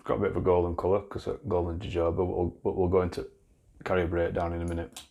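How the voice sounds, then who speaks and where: A man's voice: low voice, flat delivery, quick pace, vocal fry, dark tone, highs cut off. A man with a Yorkshire accent reviewing a beard product in a casual, blunt, chatty way, swearing freely and restarting his sentences. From Yorkshire, England.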